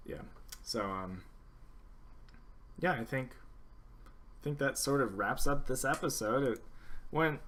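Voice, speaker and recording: A man's voice: medium pitch, lively intonation, takes it slowly, pauses often, a bit bright. A young man hosting a casual gaming podcast, rambling along with lots of ums and restarts, and he has the hiccups. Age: young adult. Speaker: podcast host.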